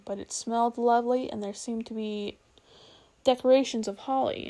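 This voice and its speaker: Woman reading a kids' book aloud, kinda high voice with lots of fry, easygoing, trips on words sometimes. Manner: unhurried, expressive reading with small slips. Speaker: storyteller. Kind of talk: reading a children's novel aloud.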